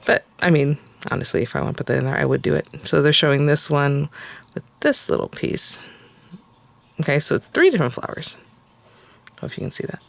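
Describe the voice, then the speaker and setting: A woman's voice: deep voice, expressive, brisk, vocal fry. A woman hosting a casual crafting tutorial, chatting and thinking aloud with lots of fillers as she works. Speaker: craft channel host.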